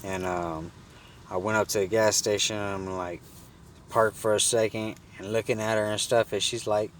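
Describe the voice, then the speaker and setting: Low-voiced man telling a profane story. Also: moderate pace, distant mic, slight background noise. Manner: animated, profane, acts out the people in his story. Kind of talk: casual storytelling.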